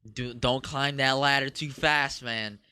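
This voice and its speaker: A man's voice: medium pitch, steady tone, unhurried, sharp tone, clean tone, no echo. A young man from Cuba co-hosting a podcast, telling loose, profane stories in casual chat. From Cuban. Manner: loose, profane storytelling with laughs. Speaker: podcast co-host.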